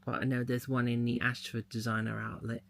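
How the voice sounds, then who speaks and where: A man's voice: mid-range voice, flat delivery, a little fast, vocal fry, fairly bright tone. A man chatting casually as he unboxes a mystery box, thinking aloud as he handles the packaging. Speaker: unboxing vlogger.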